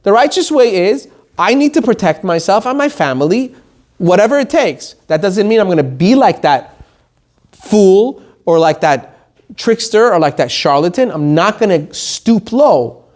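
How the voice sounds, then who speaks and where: Animated rabbi teaching Torah. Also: male voice, sits high, measured pace. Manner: animated, switches between Hebrew quotes and plain English. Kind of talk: Torah lesson.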